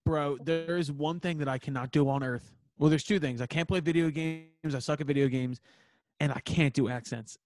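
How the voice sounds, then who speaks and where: A man's voice: a little high, fairly even intonation, normal speed, darkish tone, dry recording. A man with a Philadelphia accent co-hosting a podcast in casual banter, swearing freely and packing his talk with fillers. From Philadelphia area. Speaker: podcast co-host.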